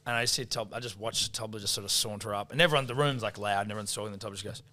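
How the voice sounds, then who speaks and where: A man's voice: on the low side, fairly even intonation, racing, bright, forceful tone. A man with an Australian accent hosting a casual betting podcast, teasing and often laughing as he tells stories. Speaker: podcast host. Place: studio.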